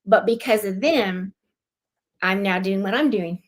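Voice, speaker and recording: A woman from California, a guest on a live-streamed club show, telling a personal story in a heartfelt, animated way. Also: medium pitch, measured pace. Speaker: guest, club lieutenant governor.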